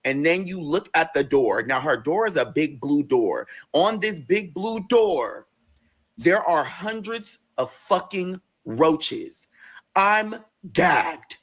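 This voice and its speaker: A man spins a personal tale in a loose storytime vlog, swearing constantly and stretching his words for effect. His pitch sits a little high for a man, and it swoops up and down as he builds the drama. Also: slow pace, husky. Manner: profane, expressive storytelling.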